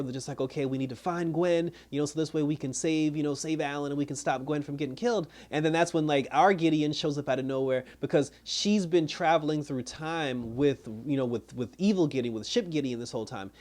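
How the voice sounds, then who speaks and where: A man's voice: mid-range voice, a little mellow. A man reviewing a TV episode in a rambling, casual recap, acting out the characters' lines as he retells them. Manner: rambling retelling, acts out quoted dialogue. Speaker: TV show reviewer.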